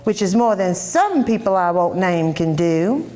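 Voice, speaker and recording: A woman's voice: fairly low pitch, sing-song, a little slow, dark tone. A woman doing a snippy, spoiled younger sister. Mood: smug. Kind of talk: dramatic reading of a short story.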